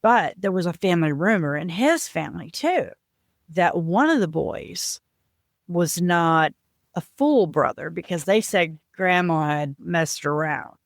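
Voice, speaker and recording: A woman guest on a podcast, earnestly retelling a personal family story and voicing the people in it with lively shifts. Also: on the low side, measured pace, no echo, clean studio sound. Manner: earnest, animated retelling with lively voiced quotes.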